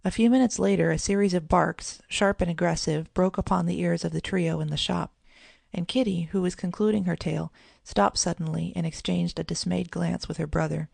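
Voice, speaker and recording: Casting: gravelly children's audiobook narrator, even and measured, dry studio sound. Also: mid-range voice, no echo. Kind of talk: scripted storybook narration.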